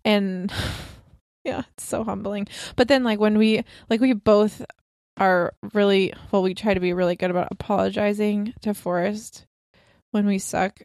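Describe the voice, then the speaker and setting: A woman's voice: mid-range voice, fairly even intonation, a little slow, a little mellow, dry recording, studio quality. A woman in her twenties chatting as a podcast co-host, rambling with lots of fillers and laughs. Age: 20s. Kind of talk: casual chat.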